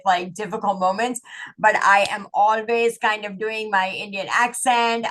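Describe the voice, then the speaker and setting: A woman's voice: mid-range voice, a bit bright. A woman who is a life coach, talking earnestly and encouragingly as a guest on a podcast interview.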